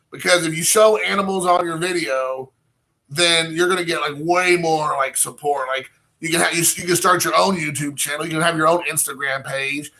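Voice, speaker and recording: A man's voice: on the high side, bright, forceful tone. A man chatting casually to his viewers from home, rambling and poking fun at himself. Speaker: channel host. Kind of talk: casual vlog chat.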